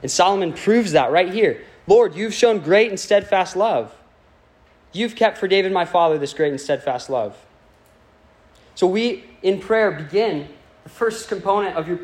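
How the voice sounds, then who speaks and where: A man preaching a sermon to a congregation, speaking in a conversational, playful way and putting questions to his listeners. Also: fairly high pitch.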